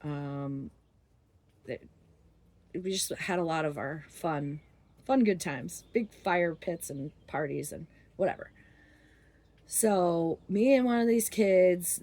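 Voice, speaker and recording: A woman's voice: lowish voice, animated, a little slow, a little mellow. A woman casually telling a story from her youth, rambling with lots of fillers and frequent laughter.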